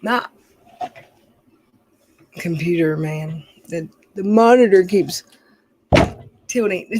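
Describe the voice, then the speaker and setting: A woman's voice: fairly low pitch, slow, long pauses, a little mellow, a little hiss or hum. A middle-aged woman, chatting casually on a livestream, rambling, venting and swearing as she reads her chat.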